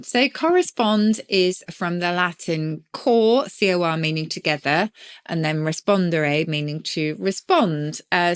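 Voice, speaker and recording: A woman with a slightly low voice co-hosts a podcast, explaining where words come from. She talks in an enthusiastic, chatty way, dotted with ums. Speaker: podcast co-host, word expert. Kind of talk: explaining word origins in casual chat.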